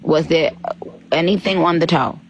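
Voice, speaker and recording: A woman's voice: deep voice, normal speed, a little hiss or hum, low-quality recording. A woman interviewing someone with blunt, incredulous questions. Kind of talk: probing interview.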